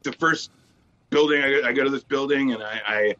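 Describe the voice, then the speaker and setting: Man in his forties, podcast guest, lively stand-up storytelling, slightly muffled lo-fi sound. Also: mid-range voice, normal speed. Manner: animated storyteller, jumps into voices for quoted people. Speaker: guest actor. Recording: slightly dull lo-fi audio.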